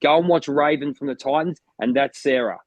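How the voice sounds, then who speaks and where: The voice here sits on the high side and moves briskly: an Australian motivational coach co-hosting a podcast, enthusiastically rambling in casual conversation and frequently starting over. There's no echo.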